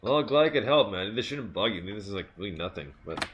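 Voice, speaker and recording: A man's voice: on the low side, lively intonation, quick pace, a bit bright, highs cut off, slight background noise. Rambling, laughing male radio host. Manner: rambling, laughing storyteller with many restarts. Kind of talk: casual chat.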